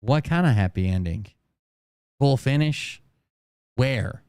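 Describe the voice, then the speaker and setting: A man's voice: medium pitch, animated, slow, a little mellow, clear, resonant tone, dry recording, studio quality. A man hosting a live stream, reacting to clips in a blunt, profane and sarcastic way. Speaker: channel host reacting to clips.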